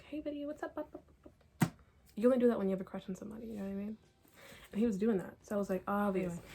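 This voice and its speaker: A young woman giving a casual, exasperated book review at home, talking fast with many fillers and laughs. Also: mid-range voice, very noisy.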